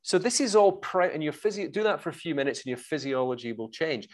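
A man, a guest coach giving sales advice in an interview, confident and energetic, explaining through examples. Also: on the high side, quick pace.

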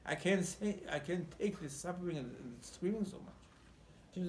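A man's voice: on the high side, big pitch swings, moderate pace, darkish tone, a little hiss or hum. A man, a rabbi giving a Torah sermon, telling the story animatedly and acting out the dialogue, often repeating words as he searches for his phrasing. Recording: roomy echo, faint background ambience.

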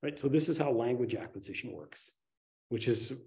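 A man gives a relaxed, conversational dharma talk to a meditation group. His voice is mellow and dark, yet it swings widely in pitch, jumping up high when he gets excited. He talks like a friendly storyteller. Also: normal speed. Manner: conversational, animated storytelling with sudden excited rises. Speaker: meditation teacher.

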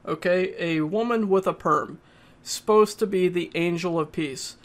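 A man giving a casual, halting spoken movie review, often pausing and restarting his sentences. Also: sits high. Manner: plain, halting, with frequent uhs and restarts.

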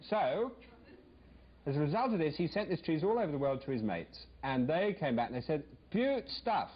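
A man's voice: on the high side, breathy edge. A man hosting a cooking show in a TV studio kitchen, demonstrating a recipe in a chatty, jokey, rambling way with playful asides to a live audience. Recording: dull lo-fi vintage TV recording.

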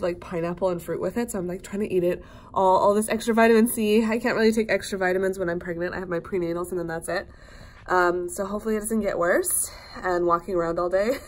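A young woman chatting casually to camera in a travel vlog, bubbly and gushing, a little stuffed up with a cold. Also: mid-range voice. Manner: bubbly, gushing, many fillers and laughs. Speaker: vlogger. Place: hotel room and city streets.

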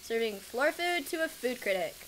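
A woman's voice: fairly high pitch, lively intonation, normal speed, heavy background noise. A woman giving casual gameplay commentary, flustered and self-mocking, laughing often. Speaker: let's play gamer.

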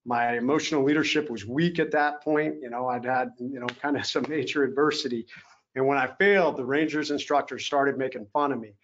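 A man with a steady, fairly bright mid-range voice speaks fairly quickly as the keynote at an evening event in an event hall. He tells an earnest personal story, voicing the officers' words himself, and the slightly dull lo-fi audio has a bit of hiss or hum.

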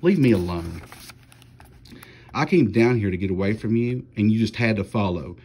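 A furious, sulky young boy snaps and shouts bitter retorts at his sister, put on by a man reading a storybook aloud. The voice sits somewhat low, with short, heated lines. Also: sing-song, normal speed, slightly rough, exaggerated voice. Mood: angry.

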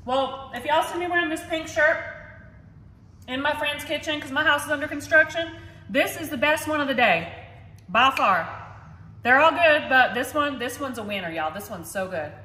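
Chatty high-voiced woman cooking at home. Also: expressive, normal speed, pauses often, bright, forceful tone. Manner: chatty, talks to viewers as y'all. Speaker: cooking channel host. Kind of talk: casual cooking demo. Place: friend's home kitchen. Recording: echoey kitchen with faint noise.

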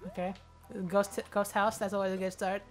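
A woman's voice: medium pitch, flat delivery, normal speed, faint music behind. A woman hosting casual let's-play commentary, joking, swearing and laughing often. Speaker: gaming channel host.

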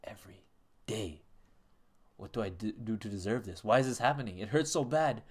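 A man putting on the voice of a frightened captive child, reading a desperate letter to his mother in a hushed, pleading way. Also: mid-range voice, a little fast, husky.

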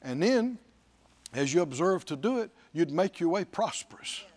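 Delivering a sermon at a normal speed, this male pastor has a notably high, lively voice that rises and falls dramatically. He drives points home by repeating phrases and frequently cites scripture.

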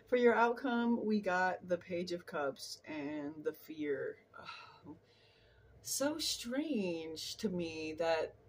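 A woman's voice: on the low side, lively intonation, extremely slow, slight background noise. A woman giving a casual tarot reading at home in her apartment, earnest and rambling, often restarting her sentences. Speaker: tarot reader.

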